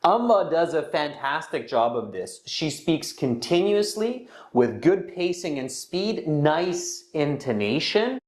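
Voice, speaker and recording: Lively man explaining exam scores. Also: on the high side, slow, hardly any pauses, reverberant. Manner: explains clearly, with lively intonation. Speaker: narrator. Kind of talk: exam commentary.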